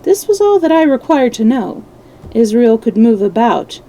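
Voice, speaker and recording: A woman storyteller reading a classic adventure novel aloud on a live stream, steady and measured with small slips. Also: on the high side, a little hiss or hum, low-quality recording.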